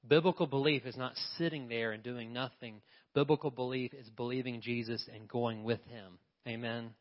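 A male pastor delivers an emphatic sermon at a mid-range pitch, often throwing questions out to his congregation. His voice rings with a long reverb through the church. The recording sounds a bit dull and lo-fi. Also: steady tone, moderate pace. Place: church sanctuary.

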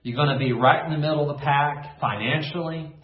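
A male pastor delivers a devotional in call-and-response style, asking his listeners to repeat each phrase after him. His voice sits a little high. The recording sounds echoey and slightly muffled. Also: fairly quick. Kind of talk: online sermon devotion.

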